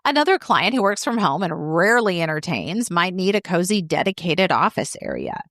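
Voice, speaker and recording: A woman's voice: fairly low pitch, big pitch swings, moderate pace, a bit bright, no echo, clean studio sound. A middle-aged woman hosting a podcast, explaining things in a conversational way and often putting questions to the listener. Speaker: podcast host. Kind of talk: informal teaching monologue.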